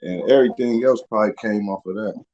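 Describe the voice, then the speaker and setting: A man on a casual online group call, talking in a relaxed, informal way that drifts between thoughts. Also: on the low side, fast. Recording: dull, muffled call audio.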